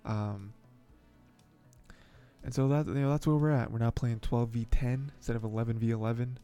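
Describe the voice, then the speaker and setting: Man, podcast host, casual anime commentary, rambling, frequent chuckles, gravelly voice. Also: mid-range voice, steady tone, normal speed, warm tone, faint music behind. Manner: rambling and chatty, chuckles often, many fillers. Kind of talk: casual episode recap and commentary.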